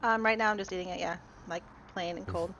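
A woman's voice: on the low side, steady tone, fast talker, fairly bright tone, dull audio, a little hiss or hum. A woman from Chicago chatting casually while gaming on a stream and laughing often.

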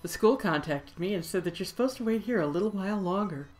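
A woman voicing a cheerful, doting mother in a video game, speaking in a lively, motherly way. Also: medium pitch, quick pace, faint music behind, natural voice.

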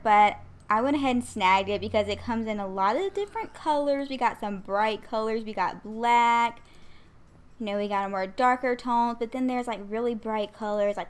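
A young woman chatting casually as a gaming YouTuber, bubbly and giggly, rambling along a little out of breath. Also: on the high side. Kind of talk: casual chat.

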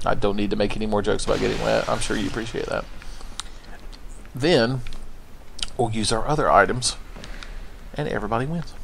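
A man's voice: on the low side, steady tone, a little fast, gravelly, pauses often, a little hiss or hum. Profane joking man narrating gameplay. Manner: crude joking, profane, playful. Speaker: let's play host. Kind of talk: gameplay commentary.

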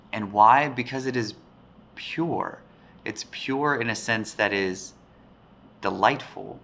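A male teacher giving a casual, rambling talk about a play, thoughtful and pausing often. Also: lowish voice, bright, forceful tone. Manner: thoughtful, rambling, with frequent pauses.

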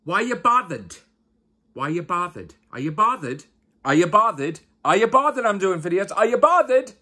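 A man's voice: sits high, big pitch swings, normal speed, bright, forceful tone. A man who hosts a YouTube channel and podcast, giving an exasperated, profane rant and repeating his questions. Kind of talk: angry ranting vlog.

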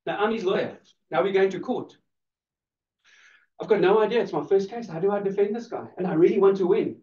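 Teasing his class and laughing frequently, a man delivers a playful law lecture at a fairly quick pace in a high-sitting voice. The lecture room recording is distant, echoey and lo-fi.

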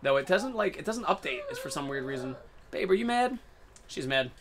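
A man's voice: sits high, big pitch swings, fairly quick, fairly bright tone, slight background noise. A man streaming a video game live, chatting casually and playfully with a running, jokey commentary.

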